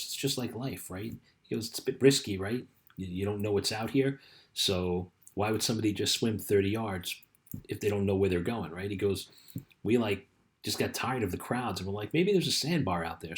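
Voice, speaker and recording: This is a casual motivational talk from a middle-aged man who sounds like a life coach giving an easygoing pep talk. In his fairly low voice, he spins a loose story, dropping "you know" and "right?" asides throughout.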